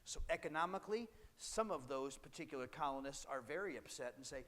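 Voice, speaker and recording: A male history teacher lectures his class conversationally in a high-leaning, fairly bright voice, brisk and expressive with few pauses. Now and then he acts out British and colonist voices. A long reverb tail trails his speech.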